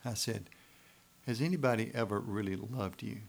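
A man's voice: on the low side, normal speed, gravelly. A man preaching a sermon, speaking in a folksy, conversational way and often asking the congregation "right?". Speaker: pastor.

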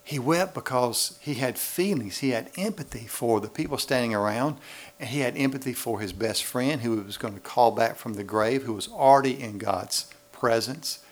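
A man's voice: medium pitch, moderate pace. A man preaching a sermon in a church, acting out little voices to make his points. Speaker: pastor.

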